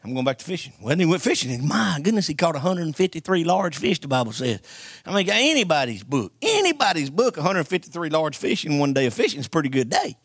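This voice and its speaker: A man preaching a sermon, lively and joking as he tells a story and calls out to the congregation for responses. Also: fairly high pitch, fast talker, hardly any pauses, husky, dry recording, studio quality.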